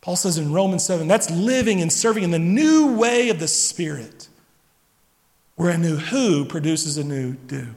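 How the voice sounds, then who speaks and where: Man, middle-aged, pastor, sermon, high voice, animated, church hall reverb. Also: moderate pace. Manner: animated, acts out voices of listeners and his kids. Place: church sanctuary. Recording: long reverb of a large hall.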